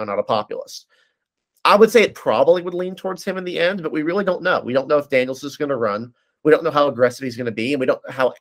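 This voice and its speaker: A man breaks down political races in a casual chat, rattling through details at a brisk clip. He talks at a middling pitch and often restarts his sentences with fillers. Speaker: political analyst.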